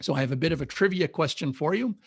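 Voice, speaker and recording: A man's voice: fairly high pitch, animated, fast, husky, no echo, clean studio sound. A man presenting an informal public science talk on a video call, explaining things methodically with enthusiasm. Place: home or office on a webinar. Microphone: video call mic.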